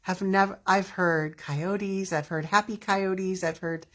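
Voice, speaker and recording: A woman's voice: medium pitch, steady tone, slow, fairly bright tone. A woman hosting her own show, telling a personal story in a rambling way with many restarts. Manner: rambling, restarts often, drawn out. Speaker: host. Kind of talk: casual storytelling monologue.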